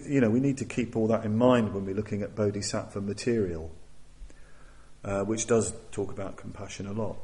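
A man giving a Buddhist dharma talk, thoughtful and hesitant, with many restarts and pauses. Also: fairly low pitch, darkish tone, low-quality recording. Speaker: Buddhist teacher.

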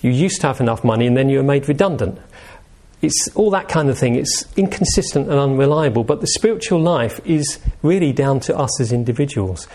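A man giving an informal talk on meditation, gentle and conversational, often asking his listeners questions. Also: mid-range voice, expressive, brisk. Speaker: meditation teacher.

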